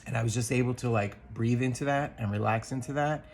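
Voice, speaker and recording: A man co-hosting a podcast, sharing a personal reflection in an earnest, thoughtful way, pausing often with ums and restarts. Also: mid-range voice, gravelly, darkish tone. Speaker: podcast co-host.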